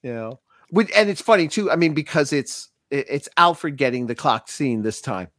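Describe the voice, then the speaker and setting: A man's voice: on the high side, expressive, moderate pace, fairly bright tone, dry recording, studio quality. A man talking about comics and old TV on a podcast, eager, with frequent restarts. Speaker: podcast co-host. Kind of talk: casual comic book discussion.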